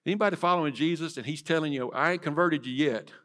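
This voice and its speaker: A man preaching a sermon in church, swinging from loud to hushed and asking the congregation direct questions. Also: fairly high pitch, fast talker. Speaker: pastor. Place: church sanctuary.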